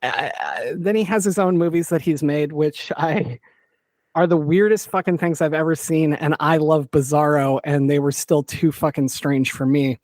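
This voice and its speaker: A man hosting a podcast, talking in a rambling, excitable way and swearing freely. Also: fairly high pitch, moderate pace, no room sound, studio quality. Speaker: podcast host. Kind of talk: casual podcast discussion.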